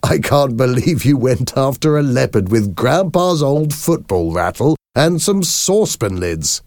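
A man voicing a cheerful, mischievous father in a storybook reading, with a raised, bright delivery. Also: medium pitch, huge pitch swings, measured pace, gravelly, no room sound, studio quality, pitched above the performer's own voice, exaggerated voice. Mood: teasing. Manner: bright, teasing, laughing.

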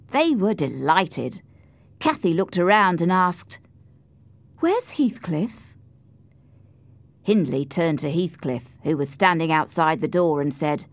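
A woman narrating a storybook in the first person, slow, clear and expressive. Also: on the low side, dry recording. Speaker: audiobook narrator.

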